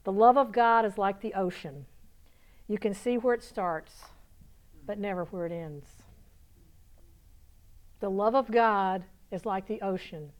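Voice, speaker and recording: A woman with a Southern US accent preaches in a folksy, conversational way, laughing easily and lifting into excited call-and-response. Her voice is smooth and clear, at an ordinary middle pitch for a woman. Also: measured pace, pauses often. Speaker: pastor. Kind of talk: sermon. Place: church conference hall.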